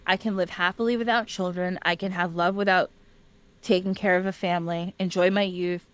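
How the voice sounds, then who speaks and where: A woman voicing a sharp-tongued young female shaman in a retold legend, using casual modern phrasing in her own everyday voice. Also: fairly low pitch, fairly even intonation, fairly quick, clear, resonant tone, dry recording, natural voice. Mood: resolute. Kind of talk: casual storytelling.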